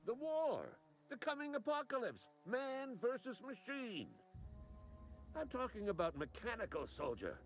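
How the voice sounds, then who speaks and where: A man's voice: very high voice, big pitch swings, unhurried, faint music behind, exaggerated voice. An actor playing a paranoid frontier townsman who preaches urgent warnings about a coming robot uprising. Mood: paranoid ranting.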